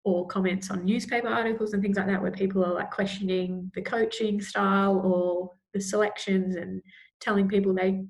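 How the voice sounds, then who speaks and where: A woman's voice: medium pitch, fairly even intonation, normal speed. A woman, a guest athlete, answering an interview question in an earnest, thoughtful way.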